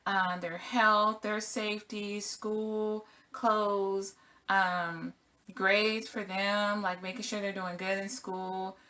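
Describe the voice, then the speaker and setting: A woman's voice: mid-range voice, flat delivery, slow pace, bright, forceful tone. A middle-aged woman vlogging as a single mother, telling a personal story casually and acting out her own exclamations.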